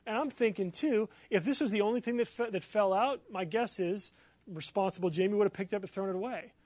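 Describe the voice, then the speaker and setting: High-voiced excitable male pastor. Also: brisk, no room sound. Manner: animated, excitable storytelling with many fillers. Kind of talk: sermon storytelling.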